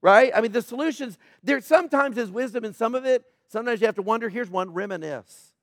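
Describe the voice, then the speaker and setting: A middle-aged man preaching a sermon in a conversational, sarcastic way, with quiet asides. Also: extremely high pitch, quick pace, dry recording, clean studio sound. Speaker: pastor.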